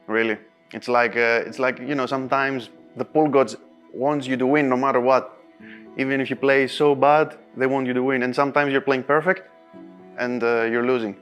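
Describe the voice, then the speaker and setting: A man being interviewed as a pool player, telling a story in non-native English. He is animated, laughs often and acts out his own quotes. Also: mid-range voice, clean tone.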